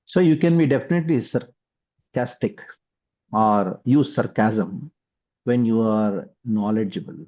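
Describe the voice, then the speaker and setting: A man, a spiritual teacher explaining scripture in a measured way, with frequent pauses. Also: fairly low pitch, mellow. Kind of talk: scriptural discourse. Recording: dull lo-fi sound.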